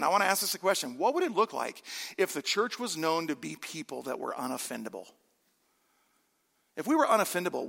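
A man's voice: high-pitched, vocal fry, pushed and bright, big-room sound. A man in his forties, a pastor preaching a sermon in a church in a conversational way, with self-deprecating humor. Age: 40s. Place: church sanctuary.

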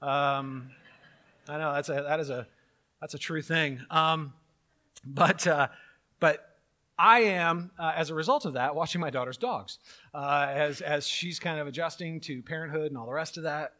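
A middle-aged man preaching a sermon as pastor, animated and joking, with mock-outraged asides. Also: a little high.

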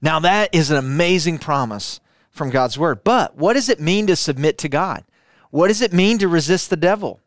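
High-voiced emphatic male preacher. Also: animated, normal speed, no echo, clean studio sound. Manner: emphatic, repeats phrases, asks listeners to repeat after him. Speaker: pastor. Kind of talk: sermon.

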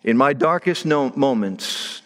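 A man's voice: mid-range voice, animated, a little slow, fairly bright tone. A middle-aged man preaching a sermon as pastor, telling stories in a conversational way and leaning hard on key words. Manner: conversational storytelling with stressed words.

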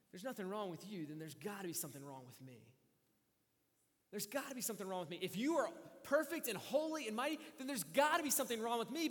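A man preaching a sermon with passion, voicing a psalmist's pleas, moving between quiet, drawn-out lines and loud, urgent ones. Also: high voice, in a large hall. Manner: impassioned, swings from hushed to loud. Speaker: pastor.

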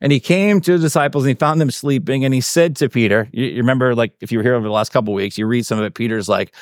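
A man's voice: medium pitch, racing, hardly any pauses, no echo. Male pastor, sermon, conversational, dry close sound. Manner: conversational, lots of "like" and "right".

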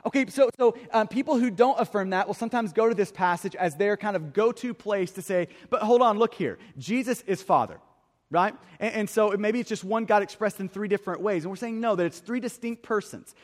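A pastor with a high-sitting voice preaches a sermon in a church hall, a large space. He speaks earnestly, a little fast and with hardly any pauses, often repeating the first word when starting a phrase.

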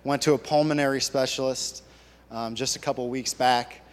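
A man, a church elder, giving a halting, earnest personal testimony to his congregation. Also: mid-range voice, fairly even intonation. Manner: halting, earnest storytelling with many restarts. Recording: long reverb of a large hall.

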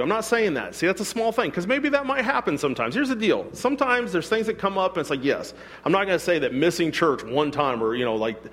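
A man's voice: high voice, very animated, fast, few pauses, a bit bright, in a large hall. A man preaching a sermon as a pastor, in a conversational way with self-deprecating humor, acting out quoted voices. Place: church hall.

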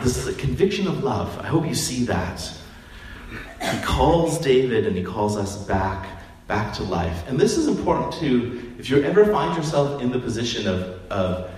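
A man preaching a sermon in a conversational, animated storytelling manner, acting out quotes. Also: mid-range voice, moderate pace, slight background noise. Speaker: pastor. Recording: roomy hall, distant mic, faint ambience.

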